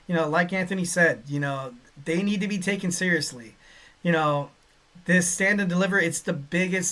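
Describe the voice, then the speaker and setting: Male podcast host, fairly high voice, bright and forceful, casual, rambling, excitable. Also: normal speed. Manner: rambling, filler-heavy, excitable. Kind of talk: casual solo wrestling podcast.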